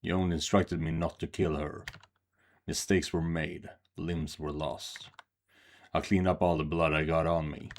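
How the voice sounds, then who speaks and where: A man reading a blunt, menacing swordsman from a game in a quiet, flat voice. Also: very deep voice, measured pace, pitched below the performer's own voice. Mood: cold menace. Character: cold menacing male swordsman, blunt and dry.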